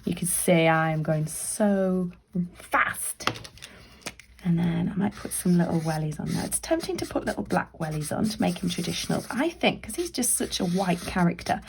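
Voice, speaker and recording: A woman leads a children's drawing tutorial in a chatty, encouraging way, often dropping into soft whispered asides. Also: on the low side, expressive, moderate pace, creaky, a little hiss or hum. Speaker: library staff member leading a craft activity.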